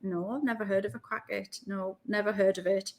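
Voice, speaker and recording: A woman with a Geordie accent, chatting as a guest on an interview podcast and telling lively stories. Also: medium pitch, noisy background. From North East England. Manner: animated storyteller, quick asides. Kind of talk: casual interview chat.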